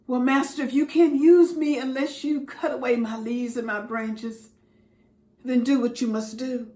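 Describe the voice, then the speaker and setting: A woman's voice: sits high, fairly even intonation, unhurried, dark tone, reverberant, voice pushed up. A woman voicing a tall male bamboo plant, devoted but fearful, who stammers and pleads in a storybook tale. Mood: resigned.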